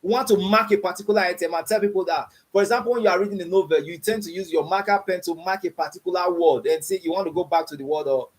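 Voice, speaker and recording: This instructor's voice sits high, and he talks fast with barely a pause while teaching beginners to code online. He repeatedly checks in with "you understand what I'm saying?" and fires open questions like "what?" at the class.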